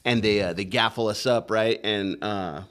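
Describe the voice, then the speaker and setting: A man's voice: lowish voice, normal speed, fairly bright tone, smooth. A man, a podcast guest, telling his story in a casual and rambling way, cursing a lot and leaning on "like" and "right?". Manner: profane, rambling, full of "like" and "right?".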